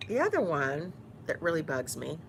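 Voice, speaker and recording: A woman's voice: deep voice, huge pitch swings, normal speed, vocal fry, fairly bright tone, a little hiss or hum. A woman from Houston with a Texan Southern accent, chatting casually while eating on camera, teasing and mock-bossy. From Houston, Texas. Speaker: YouTuber.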